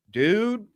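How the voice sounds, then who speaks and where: A man's voice: high-pitched, dry recording, studio quality. A man hosting a live news stream, talking in agitated, indignant bursts that ramble with restarts.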